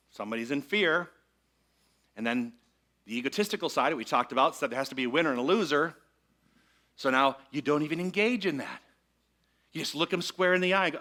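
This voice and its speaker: Bright-voiced man giving a sermon. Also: medium pitch. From Michigan. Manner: conversational, asks the congregation to repeat lines. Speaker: minister. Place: church sanctuary with congregation.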